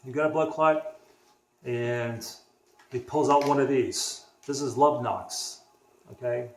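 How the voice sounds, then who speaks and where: A young man from the Boston area tells his story in a loose, rambling vlog style, often restarting his sentences. His pitch sits in the middle of the range. The sound is roomy, with a clear echo off the walls. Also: slight background noise. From Boston area, USA. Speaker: vlogger. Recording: echoey room.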